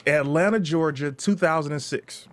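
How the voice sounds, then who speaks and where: A young man from Detroit, a comedian in his twenties, swaps stories in a relaxed interview. His voice sits a bit high, and he slips into other people's voices as he goes. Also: normal speed. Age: 20s. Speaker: comedian guest. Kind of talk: casual interview storytelling.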